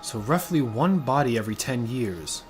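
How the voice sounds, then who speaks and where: A man's voice: medium pitch, lively intonation, normal speed, lightly acted. A man voicing a composed, courteous married woman investigator, reading game dialogue aloud over game music. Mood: calm. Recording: game music playing behind.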